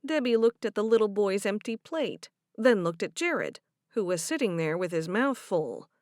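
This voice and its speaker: A woman's voice: mid-range voice, big pitch swings, moderate pace, darkish tone, no room sound, clean studio sound. A woman reading a novel aloud as an audiobook narrator, giving each character a voice.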